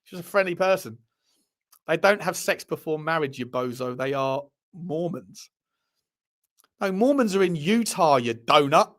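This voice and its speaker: High-voiced Englishman chatting on a livestream. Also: lively intonation, moderate pace, fairly bright tone. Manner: chatty, swears freely, laughs at himself. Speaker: host of a live fan show. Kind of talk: casual live-stream chat reacting to viewer messages.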